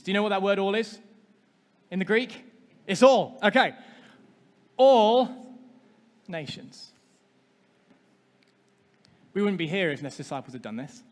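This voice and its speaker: A man gives a sermon from the front of a church, quizzing the congregation as he goes. His voice sits high for a man. The sound rings out with a long reverb from a large hall. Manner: interactive, asks the congregation questions. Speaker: pastor.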